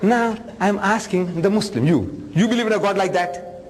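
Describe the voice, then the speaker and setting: Older male religious lecturer, high voice, animated and joking storyteller, long hall reverb. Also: normal speed. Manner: animated, humorous, acts out dialogue and sound effects. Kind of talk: storytelling sermon to an audience.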